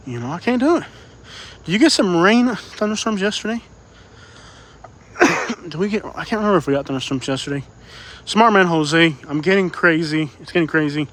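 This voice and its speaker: A man's voice: fairly high pitch, animated, moderate pace, pauses often, fairly bright tone. Rambling man streaming while walking. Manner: rambling, repeats himself, reads chat aloud. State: out of breath from walking. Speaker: live-stream vlogger. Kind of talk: casual live-stream walking commentary. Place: outdoors on city streets.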